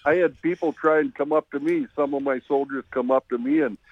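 A man's voice: on the high side, fairly even intonation, fairly quick, no room sound. An older man, an army veteran, reminiscing in a radio interview and laughing often. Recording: phone-line audio.

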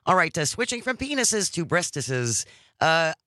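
A woman's voice: low voice, very animated, normal speed, a bit bright, dry recording. A woman hosting a morning radio talk show live from a studio, upbeat and jokey, speaking into a studio microphone.

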